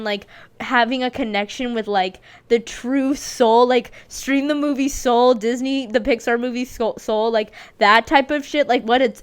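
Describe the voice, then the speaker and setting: Gushing, rambling woman podcaster. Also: fairly high pitch. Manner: gushing, rambling, swears freely, many fillers. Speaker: podcast host. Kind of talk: casual solo podcast monologue.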